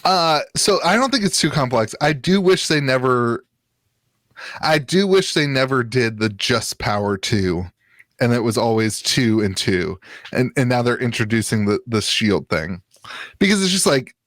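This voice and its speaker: In a mid-range, fairly bright voice with lively intonation and a measured pace, this Ohio man co-hosts a relaxed podcast on trading card games. He rambles and jokes with lots of fillers, and there's no echo.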